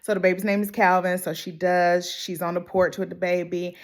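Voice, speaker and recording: A woman's voice: lowish voice, normal speed. A young woman, chatting casually through a TV episode recap with dramatic exclamations. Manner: animated, laughs often, dramatic exclamations. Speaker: show recap vlogger.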